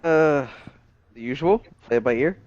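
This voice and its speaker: A man's voice: a little high, moderate pace, darkish tone. Guy joking around during a tabletop game, kinda muffled lo-fi audio. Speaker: player. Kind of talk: casual tabletop game chat.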